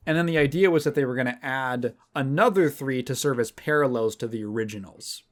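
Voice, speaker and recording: Animated, fairly high-voiced male podcaster. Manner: animated, rambling storytelling. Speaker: podcast host. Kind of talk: casual chat.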